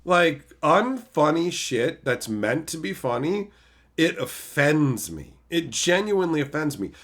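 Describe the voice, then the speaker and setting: Male streamer, casual chat, profane ranter, fairly high, bright voice. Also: big pitch swings, measured pace. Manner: profane, ranting.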